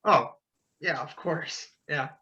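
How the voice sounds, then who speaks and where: A gushing, excitable man playing a character at a tabletop game. His voice is bright and husky, and the recording sounds dull and lo-fi. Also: a little high, takes it slowly. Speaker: player.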